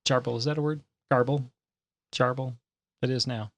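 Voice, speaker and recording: A man's voice: medium pitch, steady tone, moderate pace, no echo. A man co-hosting a casual board game podcast, bantering in a jokey, playful way. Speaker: podcast co-host. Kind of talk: casual chat about board games.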